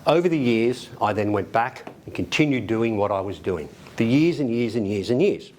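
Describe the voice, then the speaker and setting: A middle-aged Australian man telling a casual anecdote, animated and laughing as he acts out the people in his story. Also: on the low side, moderate pace, slight background noise. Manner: animated, acts out quoted voices, laughs often. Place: library event room.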